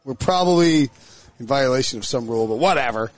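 A man hosting a casual sports podcast outdoors, energetic and joking with quick asides. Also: medium pitch. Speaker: podcast host. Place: outdoors near a stadium set.

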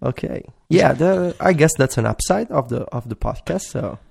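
A man's voice: mid-range voice, animated, normal speed, creaky, a little mellow, husky. A man with an Italian accent, a native Italian speaker, co-hosting a podcast with an eager, easygoing manner. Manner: eager, laughs easily. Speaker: podcast co-host. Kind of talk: casual chat.

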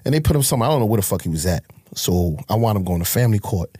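A man's voice: on the low side, animated, rapid-fire, mellow, slightly rough, no room sound, studio quality. A man, telling his life story as a guest in a blunt, profane, emotional way. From Harlem, New York. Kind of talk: candid life-story interview.

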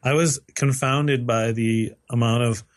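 A man's voice: medium pitch, fairly even intonation, measured pace. Man, podcast co-host, loose rambling delivery with fillers and restarts. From lives in western Canada. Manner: rambling, many fillers and self-corrections. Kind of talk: casual chat.

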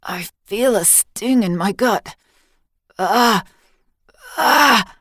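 A woman's voice: medium pitch, a little slow, dry recording, studio quality, close to an everyday voice. A woman voicing a young male warrior, wounded and fretful, who speaks in an anxious, strained way in an audiobook story. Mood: pained.

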